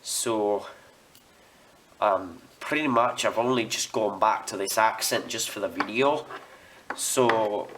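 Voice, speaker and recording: A man's voice: on the low side, slow, a bit bright. A young man with an Australian accent, a student, giving a rambling, chatty model railway building tutorial while he works. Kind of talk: casual hobby tutorial.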